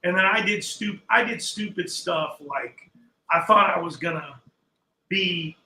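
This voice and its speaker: A man's voice: high voice, a little slow, sharp tone, reverberant, slight background noise, rough recording. An older man casually telling a long story as a podcast guest, acting out the people he quotes.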